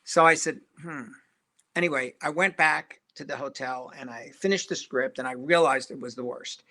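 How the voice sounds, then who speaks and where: An older man with a bright, mid-range voice tells lively anecdotes as an interview guest. He is a film director and an animated storyteller who acts out the voices he quotes.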